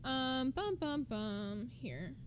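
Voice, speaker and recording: A woman's voice: sits high, expressive, very slow, slight background noise. A woman streamer giving blunt, profane, exasperated commentary while reacting to a clip.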